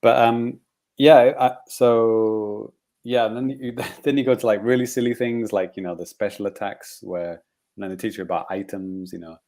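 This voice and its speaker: A man with a low, dark and mellow voice chats casually as a podcast co-host. He rambles through his points with lots of fillers and little chuckles. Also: steady tone, moderate pace. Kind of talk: casual chat.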